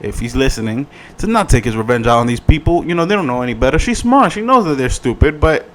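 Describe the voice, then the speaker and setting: A man giving a casual review in his vlog, swearing freely in an animated, slangy way. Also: medium pitch, fast talker. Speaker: video reviewer.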